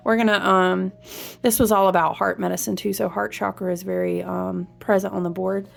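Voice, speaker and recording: A woman chats through a spiritual vlog in a mid-pitched voice with a bit of gravel underneath. She talks to her viewers like close friends and wanders from one topic to the next. Her voice keeps jumping up into excited exclamations. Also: a little fast. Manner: animated and chatty, jumps between topics, frequent high exclamations; speaks to viewers as friends, slangy and warm-hearted. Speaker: tarot reader. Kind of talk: casual spiritual vlog chat.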